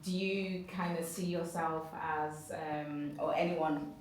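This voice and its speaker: A woman moderating a panel discussion, calmly putting questions to the audience and the speakers. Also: low voice, slow pace. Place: indoor room with an audience. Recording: echoey room, distant, noisy.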